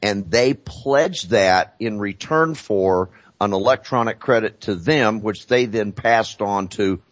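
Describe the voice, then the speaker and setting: Male guest, lowish pitch, dry studio mic, slow insistent explainer. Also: no room sound. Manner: deliberate, repeats phrases for emphasis. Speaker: guest on a talk show. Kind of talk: emphatic conversational explanation.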